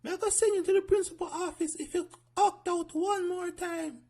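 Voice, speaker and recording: A performer voicing a strict female schoolteacher with a Jamaican accent in a cartoon, shrill and scolding. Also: steady tone, fairly quick, darkish tone. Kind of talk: animated cartoon voice acting.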